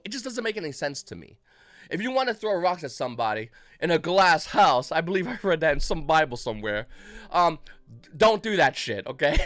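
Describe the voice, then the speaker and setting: A man's voice: high voice, fairly bright tone, no echo. A man in his thirties, hosting a card game channel, rambles and rants casually with lots of swearing and mocking asides. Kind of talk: casual rant to camera.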